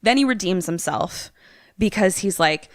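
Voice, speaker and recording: A young woman co-hosting a podcast in casual chat, animated and laughing often, swearing freely as she talks. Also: medium pitch, measured pace, no echo, studio quality. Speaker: podcast co-host.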